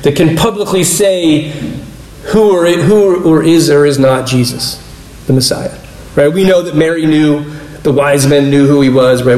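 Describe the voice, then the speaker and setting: A man with a fairly high voice preaches in a relaxed, conversational way, stopping to explain and slipping into little acted-out exchanges. The sound carries a noticeable echo from the room around him. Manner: conversational, explanatory, acts out quoted dialogue. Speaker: pastor teaching a Bible study. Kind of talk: casual sermon.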